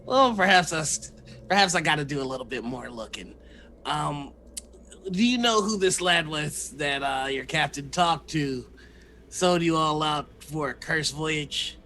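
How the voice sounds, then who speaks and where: A gruff pirate officer from a tabletop game, played by a man, blunt and pressing as he interrogates a crewman. His voice sits fairly high and sounds bright and forceful, with a faint hiss of background noise. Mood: blunt, probing. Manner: brisk, blunt, calls others lad.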